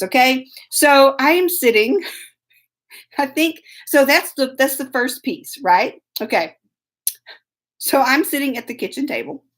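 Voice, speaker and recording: A woman talks straight to camera, spinning a story in a loose, self-mocking drawl. Her fairly high voice swoops up and down with lots of life. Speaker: host.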